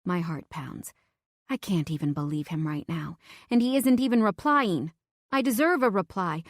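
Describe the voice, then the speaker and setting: A woman's voice: lowish voice, expressive, moderate pace, no echo, studio quality. A young woman narrating a romance audiobook in the first person, emotive, lifting her voice for her own text messages.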